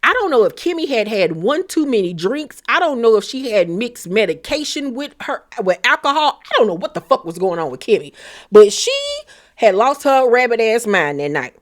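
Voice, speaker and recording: A woman giving a blunt, profane, animated recap of a reality show in casual commentary. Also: on the high side, normal speed.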